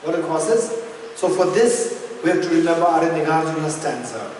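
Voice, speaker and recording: Recorded from a distance in an echoey hall with slight background noise, a male Buddhist teacher gives a dharma lesson, quizzing listeners and driving key points home through repetition. His voice is fairly high and a little mellow, with lively intonation and a brisk pace.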